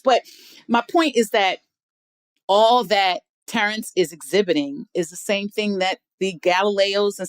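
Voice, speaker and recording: A middle-aged woman talking on a podcast as a guest, emphatic and animated, spinning her points like a storyteller. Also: medium pitch, dry recording. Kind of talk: casual podcast chat.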